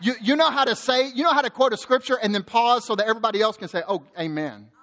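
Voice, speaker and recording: A man pastor preaching a sermon in a church, lively and joking, often repeating words as he goes. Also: extremely high pitch, very fast, big-room sound. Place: church sanctuary.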